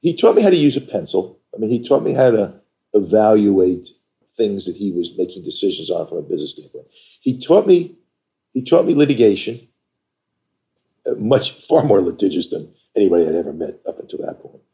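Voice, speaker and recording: An older man from New York, an interview guest telling stories about his career in an animated, emphatic way. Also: on the low side, fairly quick. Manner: animated, emphatic storyteller who acts out quoted dialogue. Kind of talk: conversational storytelling.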